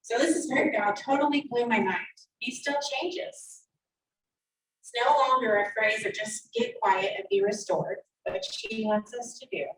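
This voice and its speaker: A woman church elder teaching from the Bible with animated, emphatic readings, heard over a video call. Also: a little high, a little slow, recorded from a distance, a little hiss or hum. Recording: echoey video-call audio from off the mic.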